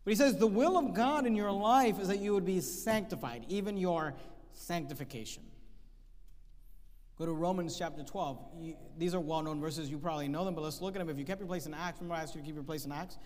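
Male pastor, high-pitched voice, emphatic preaching, long church reverb. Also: a little mellow. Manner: emphatic preaching, reads scripture slowly, repeats key phrases. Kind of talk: sermon.

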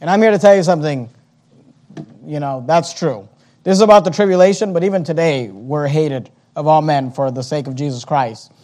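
A man's voice: fairly high pitch, brisk, warm tone. A man preaching a sermon, reading scripture aloud and explaining it in an emphatic, argumentative way. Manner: reads King James scripture aloud, then explains it plainly.

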